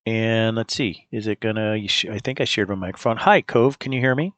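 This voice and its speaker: A man hosting a casual demo, talking in a relaxed, rambling way with fillers. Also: lowish voice, a little fast, no room sound. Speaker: host demonstrating an app. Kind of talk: casual screen-recorded demo.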